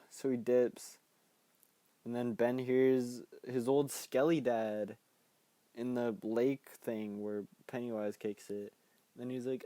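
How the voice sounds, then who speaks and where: A man's voice: medium pitch, steady tone, takes it slowly, warm tone, no room sound. A man hosting a podcast, recapping a film in a rambling, casual way, laughing often and swearing. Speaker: podcast host reviewing a film.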